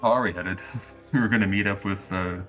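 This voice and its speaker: A man's voice: deep voice, brisk, a bit bright, faint music behind. A man playing his character in a tabletop game, blunt and emphatic. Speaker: player. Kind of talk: tabletop game role-play.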